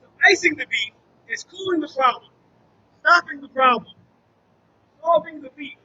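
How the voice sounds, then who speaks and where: High, bright-voiced man giving testimony. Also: muffled recording. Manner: earnest storytelling that acts out dialogue. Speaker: former drug trafficker, now youth mentor. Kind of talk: personal testimony to a church audience.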